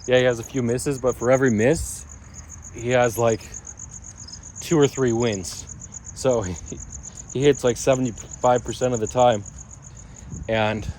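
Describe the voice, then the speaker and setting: A man's voice: medium pitch, a little mellow, slight background noise. A man vlogging about crypto and his day in a loose, digressive monologue full of restarts and asides. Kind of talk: casual rambling monologue.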